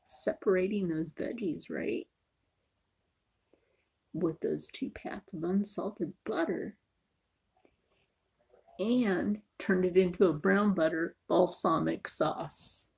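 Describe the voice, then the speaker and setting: A woman's voice: on the low side, slow, creaky, pauses often, husky. A woman chatting casually in a cooking vlog, joking and often dropping to a near whisper. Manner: chatty, jokey, sometimes drops to a near whisper. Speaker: vlogger.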